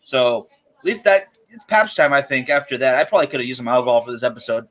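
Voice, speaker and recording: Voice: medium pitch, fast, a bit bright. A podcast co-host chatting casually, joking and reading viewer comments aloud. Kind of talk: casual chat.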